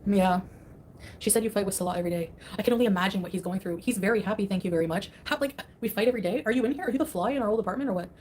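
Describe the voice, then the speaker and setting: Brief: fast-talking woman streamer, scornful and casual, faint background hiss. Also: medium pitch, darkish tone. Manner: dismissive, scoffing. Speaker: livestreamer. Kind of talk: casual livestream chat.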